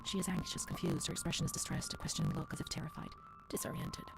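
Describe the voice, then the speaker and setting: A woman voicing a haunted game narrator who reads old asylum records in a hushed voice that often drops to a whisper. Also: quick pace, loud music behind the voice, close to an everyday voice. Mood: hushed uneasy. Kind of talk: scripted narration. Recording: game audio with noisy ambience.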